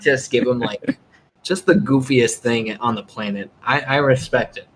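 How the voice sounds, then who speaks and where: A man hosting a casual gaming chat, talking in an animated, rambling way with lots of fillers. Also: mid-range voice, a little slow, slight background noise, rough recording. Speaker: podcast host.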